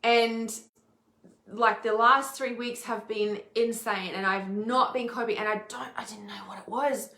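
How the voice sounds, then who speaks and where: A woman's voice: fairly high pitch, fairly even intonation, measured pace, sharp tone, echoey room. A woman, an intuitive healer talking candidly to camera, swearing freely and with emphasis. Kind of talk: casual personal video talk.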